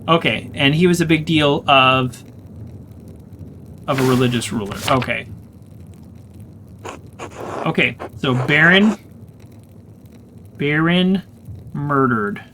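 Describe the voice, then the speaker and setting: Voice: medium pitch, slow, long pauses, a bit bright, a little hiss or hum. A gamer giving let's play commentary, thinking aloud and often sounding confused while reading the game's text aloud. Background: game music.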